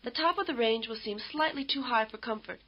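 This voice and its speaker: A woman giving scripted instructional narration for a language course, in a measured, explanatory way. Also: on the high side. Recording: dull lo-fi tape audio.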